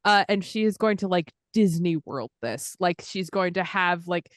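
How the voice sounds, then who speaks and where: A woman's voice: fairly low pitch, moderate pace, no room sound, studio quality. A woman playing a tabletop role-playing game, talking casually with lots of fillers. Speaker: player.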